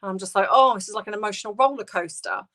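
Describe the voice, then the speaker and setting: A British woman hosting a casual livestream, talking softly and hesitantly with many ums and restarts as she answers viewer comments. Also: mid-range voice, rapid-fire. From United Kingdom. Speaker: livestream host.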